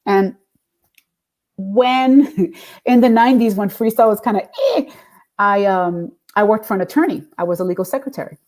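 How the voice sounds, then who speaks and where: Middle-aged woman guest, lively storyteller, mid-range voice, plays out quoted lines. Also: medium pitch, normal speed. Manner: animated, acts out quoted voices with laughs. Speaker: guest, singer and radio DJ. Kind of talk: casual interview storytelling.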